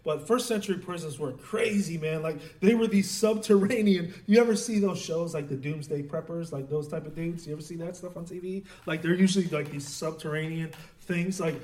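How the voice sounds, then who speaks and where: A man preaching a sermon in a relaxed, conversational way, with many fillers and restarts. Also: on the high side, brisk, few pauses. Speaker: pastor. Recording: roomy echo, voice from a distance.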